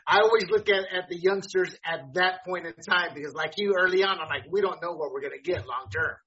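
Bright, tense-voiced stammering co-host. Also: male voice, sits high, brisk. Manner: chatty, stammering repeats. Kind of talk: casual sports chat. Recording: dull lo-fi sound.

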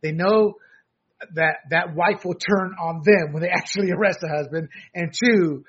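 A man co-hosting a political talk show, animated and sarcastic, often laughing and acting out mocking quotes. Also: high voice, moderate pace, breathy edge, dull audio. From abroad, a country once under dictators. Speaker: co-host.

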